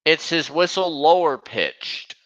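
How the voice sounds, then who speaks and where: Bright-voiced man hosting a casual stream. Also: on the high side, lively intonation, slow pace, dull audio. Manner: rambling train-enthusiast commentary. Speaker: livestream host.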